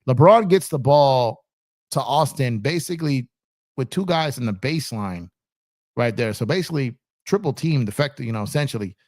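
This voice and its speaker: An excitable man hosting a sports live stream, talking casually and breaking into loud reactions. His voice sits in an ordinary middle register. The sound is close and dry. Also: medium pitch, moderate pace, no echo. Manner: chatty, shouts out viewers by name. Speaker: sports channel host.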